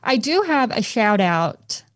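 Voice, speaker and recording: A woman's voice: a little high, sing-song, slow pace, no echo, studio quality. A woman in her thirties co-hosting a podcast, chatting casually and laughing easily. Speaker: podcast co-host. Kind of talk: casual chat.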